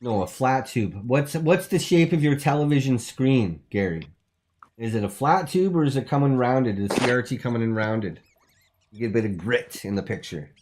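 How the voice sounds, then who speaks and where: A man hosting a comedic call-in talk show, rambling in deadpan, absurd bluster and dropping into muttered asides. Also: medium pitch, normal speed. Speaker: host.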